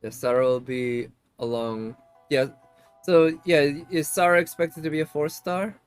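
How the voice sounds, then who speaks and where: A man's voice: a little high, level tone, measured pace, smooth, soft background music. A man giving casual gameplay commentary as a streamer, chatty and thinking aloud, often laughing. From United States.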